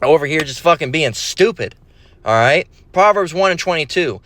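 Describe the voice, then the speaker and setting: A man's voice: on the high side, animated, moderate pace, a bit bright. A man preaching a profane, mocking rant, quoting scripture and stammering in repeats. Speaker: religious video preacher.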